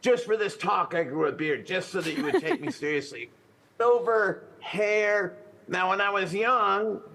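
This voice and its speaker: Older man speaking with steady authority. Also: high-pitched, moderate pace. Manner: authoritative, sentences falling at the end. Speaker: conference speaker. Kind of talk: Q&A answers at a talk.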